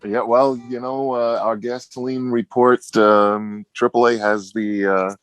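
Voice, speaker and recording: A man who appears as a regular guest on a radio show, speaking in an easygoing, halting way with fillers. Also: mid-range voice, flat delivery, clear, resonant tone, no echo, soft background music. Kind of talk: casual radio talk.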